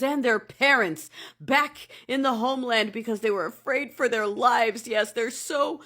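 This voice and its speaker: A woman's voice: a little high, fairly bright tone. A woman giving casual vlog commentary in a sassy, sarcastic way, calling the viewer darling.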